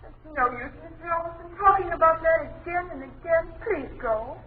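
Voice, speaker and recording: A woman's voice: very high-pitched, moderate pace, slight background noise. A frightened pleading young woman. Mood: anxious. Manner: anxious, pleading. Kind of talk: 1940s radio acting. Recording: tinny old radio recording, roomy and distant.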